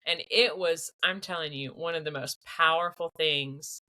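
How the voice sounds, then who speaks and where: A woman's voice: low voice, normal speed, sharp tone. A woman hosting a podcast interview, talking in an enthusiastic, chatty way. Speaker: podcast host. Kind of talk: casual interview.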